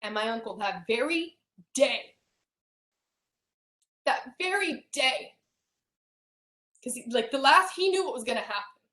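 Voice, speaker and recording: Soft-spoken woman telling a painful story. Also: fairly high pitch, animated, fairly quick. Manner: often drops to a soft near-whisper. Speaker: hypnosis client. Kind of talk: emotional personal storytelling. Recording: roomy echo.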